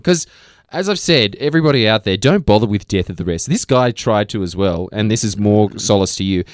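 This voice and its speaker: A man's voice: on the low side, animated, a little fast, no room sound, clean studio sound. A man co-hosting a podcast, joking around and laughing often in casual banter. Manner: joking, laughs often, slips into mock voices. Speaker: podcast co-host.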